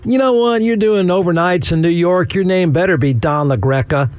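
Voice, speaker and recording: A man's voice: sits high, normal speed, dull audio. A man hosting a sports talk radio show, chatting casually in a sarcastic, rambling way with frequent chuckles.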